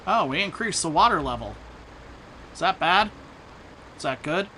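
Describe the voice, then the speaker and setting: A man's voice: a little high, expressive, moderate pace, pushed and bright, slight background noise. A man chatting loosely and joking while he plays a video game, dropping into silly mock voices. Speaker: let's play host. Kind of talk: casual gameplay chat.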